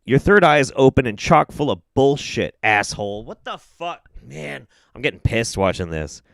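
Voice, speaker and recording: A young man streaming live reaction commentary, ranting and swearing, swinging between loud outbursts and muttered asides. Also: mid-range voice, sing-song, normal speed, creaky, dry recording.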